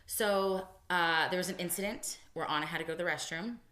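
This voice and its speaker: A woman co-hosting a podcast, telling a personal story in casual chat and voicing the people she quotes. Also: a little fast. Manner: animated storytelling, voices quotes with big pitch jumps. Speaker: podcast co-host. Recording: echoey room, early podcast audio.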